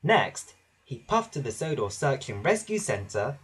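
Husky man reading a children's story. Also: medium pitch, big pitch swings, unhurried, a bit bright. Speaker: narrator. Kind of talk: storybook narration.

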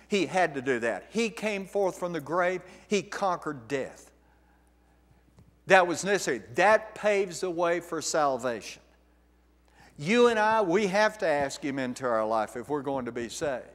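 A man preaching a sermon as pastor, emphatic and direct, asking his congregation rhetorical questions. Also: sits high. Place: church sanctuary. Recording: long reverb of a church hall.

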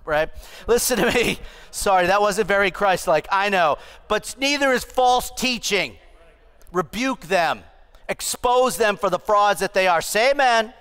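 A pastor in his fifties preaching an animated, humorous sermon to his church, with asides to the congregation. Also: fairly high pitch. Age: 50s. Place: church sanctuary.

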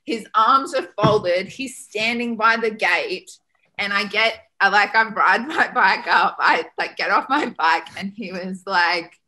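An Australian woman in her twenties, a podcast guest telling a story in a casual, animated way, full of "like" and acted-out dialogue. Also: medium pitch, a little slow. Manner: animated, peppered with "like", acts out quoted dialogue.

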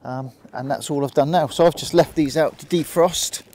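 An easygoing man with a Hampshire accent chats his way through a fishing trip from a small boat, his voice a touch high but mellow and soft-edged. Faint outdoor noise hangs behind him. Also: normal speed. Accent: Hampshire English. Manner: chatty and easygoing, talks to the fish and the viewer. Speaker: angler vlogger. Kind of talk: casual running commentary while fishing.

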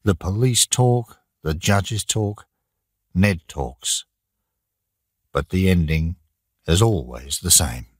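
Deep husky guy narrating a learners' audiobook, slow and lively, dry sound. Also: dry recording. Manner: slow, plain, deliberate reading for learners. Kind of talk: graded-reader audiobook narration.

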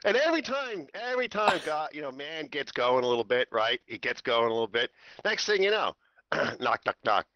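A man's voice: on the high side, sing-song, a little fast, bright, forceful tone, dry recording. A man telling a profane, comic story as a rant to friends over a headset. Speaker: server host ranting to friends. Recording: dull lo-fi voice chat.

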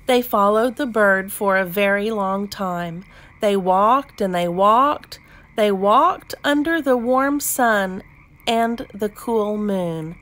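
A woman reading a children's picture book aloud, gentle and expressive. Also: mid-range voice, takes it slowly. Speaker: storybook reader. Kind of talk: children's read-aloud narration.

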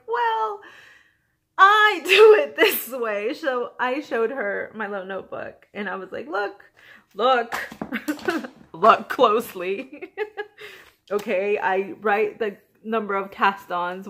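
A young woman hosting a knitting vlog, chatting casually at home and telling an anecdote with frequent giggles and playful voices for her friends. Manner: animated, giggly, quotes friends in higher voices. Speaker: knitting podcast host.

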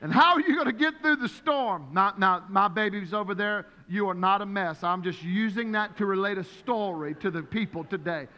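A man preaching a sermon as pastor, telling stories in an animated way and acting out the voices of the people in them. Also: sits high, normal speed, hardly any pauses, highs cut off. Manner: animated, storytelling with acted-out voices. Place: church sanctuary. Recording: long hall reverb.

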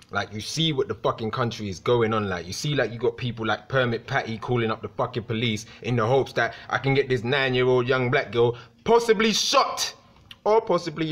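A young man delivering a heated, profanity-filled rant vlog to his viewers. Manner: heated, profane, swings in pitch. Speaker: vlogger.

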